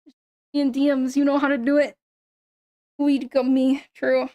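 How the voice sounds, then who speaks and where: High-voiced young woman rambling on stream. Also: flat delivery, normal speed, mellow, lo-fi sound. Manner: rambling, swearing, giggly. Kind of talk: casual chat stream.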